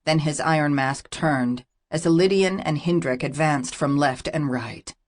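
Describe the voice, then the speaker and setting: A woman's voice: sits low, measured pace. Woman narrating a fantasy audiobook.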